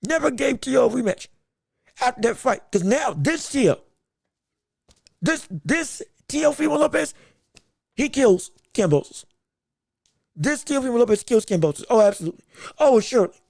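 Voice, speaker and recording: A man's voice: extremely high pitch, big pitch swings, moderate pace, vocal fry, long pauses, a little mellow, no echo, studio quality. A man hosting a boxing podcast livestream, talking emphatically and repeating himself when worked up. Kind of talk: livestream sports commentary.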